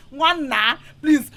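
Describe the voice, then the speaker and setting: An actress with a Nigerian accent playing a bossy, domineering wife in a Nollywood comedy, mocking and barking orders. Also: female voice, high voice, background noise, exaggerated voice.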